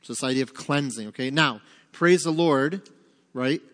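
A man's voice: medium pitch, moderate pace, a bit bright, long reverb tail. A man leading a Bible study, asking his listeners questions and then answering them himself. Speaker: Bible teacher. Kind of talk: interactive Bible study teaching.

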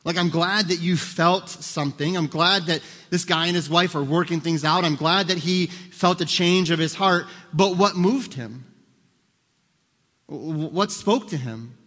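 A male pastor preaches in a slightly high voice, earnest and emphatic, and circles back to repeat his main points. His words ring out with a long hall reverb, as if recorded in a large church sanctuary. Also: animated, normal speed, fairly bright tone. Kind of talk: sermon.

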